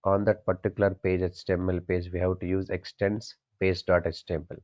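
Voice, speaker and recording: A man with a very low voice teaches a coding class in plain classroom speech. He asks his students questions, answers them himself and says each key point twice. The recording sounds dull and lo-fi. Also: flat delivery, a little fast, a little mellow. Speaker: programming instructor.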